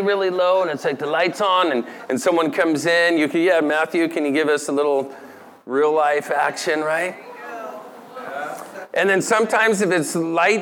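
A middle-aged pastor with a slightly high, somewhat bright voice preaches a sermon in a casual, conversational way. He asks the audience questions and laughs lightly.

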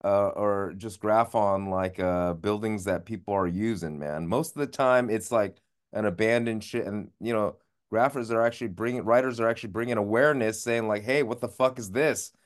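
A man hosting a podcast in casual chat, relaxed and calling his guest man and dude. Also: fairly low pitch, normal speed, clear, resonant tone. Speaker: podcast host.

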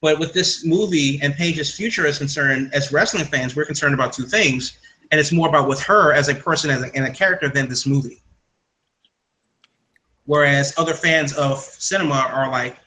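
A man co-hosting a casual wrestling podcast, quick and opinionated with jokey asides. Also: on the high side, sharp tone, poor audio. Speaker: podcast co-host.

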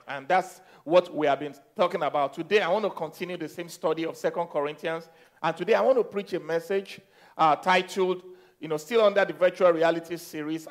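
A man preaching a sermon as pastor, repeating phrases, leading the congregation in declarations and swinging from soft teaching to loud exhortation. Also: on the high side. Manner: repeats phrases and leads call-and-response declarations.

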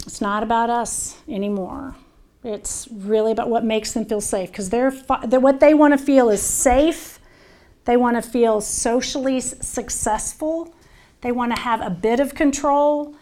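A woman with a Southern US accent leads a caregiving workshop in a slightly high voice. She speaks earnestly and conversationally, often stopping to restart a phrase. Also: measured pace, a little mellow. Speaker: dementia care educator. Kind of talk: presentation to an audience.

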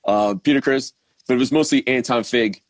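A man's voice: mid-range voice, normal speed, no room sound. A man from Baltimore, a drummer guest in a casual interview, talking in a laid-back, easygoing way with lots of ums. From Baltimore, Maryland. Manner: laid-back, relaxed, many ums and restarts.

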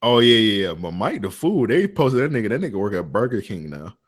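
A man's voice: lowish voice, big pitch swings, fairly quick, breathy edge. A man co-hosting a podcast, telling loose slangy stories and laughing often between lines. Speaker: podcast co-host. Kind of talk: casual podcast banter.

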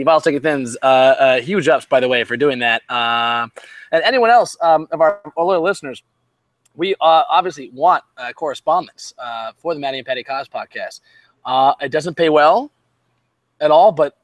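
A man's voice: medium pitch, dry recording. A man co-hosting a casual sports podcast, rambling with many fillers and wry jokes. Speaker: podcast co-host.

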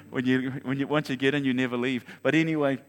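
A man in his forties preaching a sermon, telling a personal story in an animated way with chuckles and restarts. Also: medium pitch, fairly quick. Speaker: pastor. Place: large church hall. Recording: long hall reverb with faint guitar.

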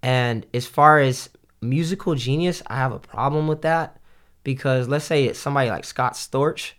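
A man in a casual chat about hip-hop, talking in a rambling, halting way with many restarts and fillers. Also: mid-range voice, a bit bright, smooth.

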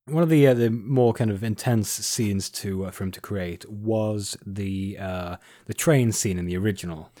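Male podcast host, rambling explanations, fillers, dry sound, low pitch. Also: normal speed, few pauses, dark tone, dry recording. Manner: rambling, many fillers and restarts. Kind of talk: casual chat.

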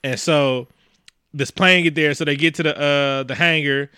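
A man retelling a movie as a comedy bit, animated, slipping into character voices. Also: moderate pace, smooth, no room sound, clean studio sound. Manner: animated storytelling, voicing characters with big pitch jumps.

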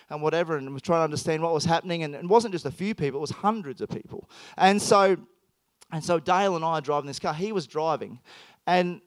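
An Australian man preaching a sermon, telling stories in an animated, emphatic way with frequent restarts. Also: high voice, clear, resonant tone, dry recording. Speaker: pastor. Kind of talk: sermon with personal storytelling.

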